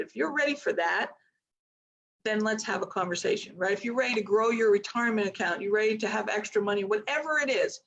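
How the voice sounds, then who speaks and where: Upbeat motivational woman, slightly lo-fi. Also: mid-range voice. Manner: energetic, motivational, chatty with many asides and laughs. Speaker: trading mentor. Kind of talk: casual live-stream talk.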